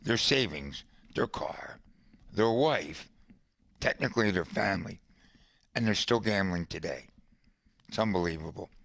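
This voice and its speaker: A man's voice: sits low, animated, measured pace, creaky, pauses often, fairly bright tone, no echo. A man hosting a podcast, telling a long personal story in a casual, conversational way, with asides to a co-host.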